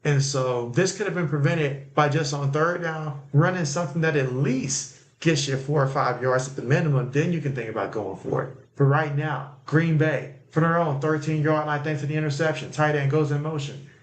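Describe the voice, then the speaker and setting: A man's voice: fairly high pitch, moderate pace, few pauses. A man hosting a sports livestream, talking loosely about the game with lots of fillers and reacting to plays as they happen. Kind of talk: casual live game commentary and chat reading.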